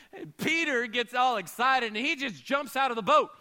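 A man pastor preaching a sermon, animated, moving between shouting and hushed storytelling. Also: very high voice, normal speed.

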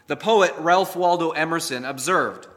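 A man preaching a sermon as pastor, praying and then telling a story in an animated way that acts out the quoted lines. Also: on the high side, normal speed. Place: church sanctuary. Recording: long hall reverb.

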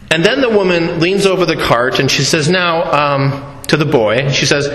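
A man preaching a sermon, telling a story with slow, deliberate delivery and playful asides to the congregation. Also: on the high side, fairly bright tone. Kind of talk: sermon with audience interaction. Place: church. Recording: echoey church hall.

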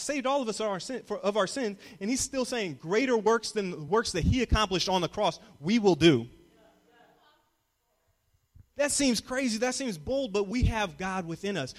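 A young man preaching a sermon as a youth pastor, moving from calm teaching to loud call-and-response. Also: high-pitched. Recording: long reverb of a hall.

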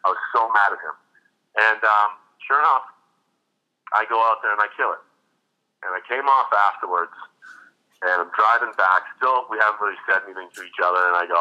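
A retired hockey enforcer, guesting on a podcast, tells profane, animated stories and acts out the quotes in a casual storytelling interview. His voice is fairly low and brisk, he pauses often, and the recording is muffled.

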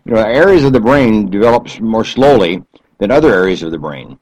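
A man with a husky, lower voice explains his subject in a slow, deliberate way. His pitch rises and falls a great deal as he stretches out the phrases he wants to stress. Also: a little mellow, rough recording. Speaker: speaker explaining stuttering. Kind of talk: explanatory talk.

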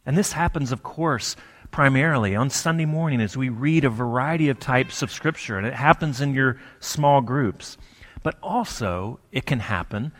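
A man giving a sermon in a conversational, storytelling way, with pauses for effect. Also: mid-range voice. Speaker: pastor. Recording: long hall reverb.

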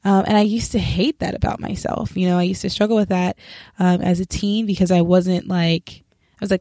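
A young woman speaking a casual personal faith testimony, candid and self-reflective, describing herself as sharp and straightforward and acting out remembered conversations. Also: on the low side, fairly even intonation, fairly quick, no echo, studio quality.

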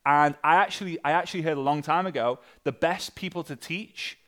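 A man coaching an online audience on sales messaging, energetic and animated, acting out sample messages. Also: a little fast. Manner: energetic, with big jumps in pitch and loudness; acts out sample messages in different voices. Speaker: sales and network marketing coach.

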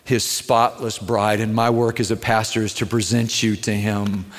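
Earnest pastor preaching in a reverberant hall. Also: male voice, fairly low pitch, level tone, normal speed. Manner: earnest, swings between quiet tenderness and raised intensity. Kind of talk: sermon.

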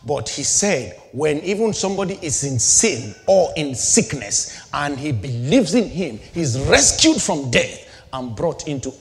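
A man's voice: fairly high pitch, sing-song, a little slow. A middle-aged male pastor preaching a sermon, asking rhetorical questions and building and dropping his intensity, in a church hall. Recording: long hall reverb.

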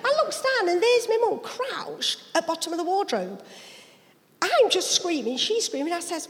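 A woman's voice: very high voice, normal speed. A woman pastor from England, telling her life story as an interview guest in a church, acting out the voices of people in it. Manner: lively dialect storyteller, acts out voices. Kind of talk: personal testimony storytelling. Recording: reverberant church hall.

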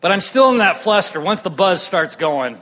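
A man with a high voice preaches a sermon in a large church hall. He is out of breath and animated, jumping from loud bursts to hushed lines. His voice trails off in a long, ringing reverb. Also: moderate pace. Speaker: pastor.

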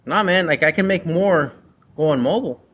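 A man's voice: a little high, moderate pace, a bit bright, breathy edge, muffled recording. A man who runs a mobile mechanic business, talking bluntly in a casual chat and acting out conversations with customers. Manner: blunt, slangy, acts out conversations. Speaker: mobile mechanic and former shop owner.

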